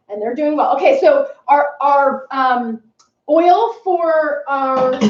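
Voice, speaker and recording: A high-voiced woman talks her way through a live kitchen cooking demo, chatty and a bit scattered. She sits well back from the mic in an echoey room, and the sound comes through muffled and dull. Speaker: cooking vlogger. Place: home kitchen. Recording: roomy, distant, dull mic.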